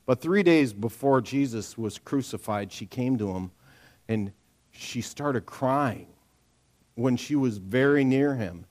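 Animated man giving a conversational sermon. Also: mid-range voice. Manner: animated storyteller, acts out quotes, frequent "right?"; lively conversational sermon delivery. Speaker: pastor.

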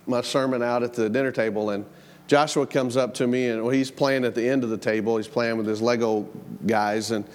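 A man's voice: mid-range voice, fairly even intonation, fairly quick. A middle-aged man preaching a sermon in a church, in a conversational way that repeats words and tells family stories. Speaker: pastor. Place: church sanctuary. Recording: long church hall reverb.

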